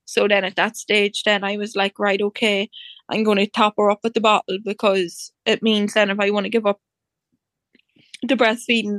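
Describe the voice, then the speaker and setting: A woman recounts a personal story in a casual chat, acting out what people said to her along the way. Her voice sits in a narrow, level pitch band and her talk is full of fillers. The recording is close and dry, with no room sound. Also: a bit bright, no echo. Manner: chatty, acts out reported dialogue, many fillers like "like".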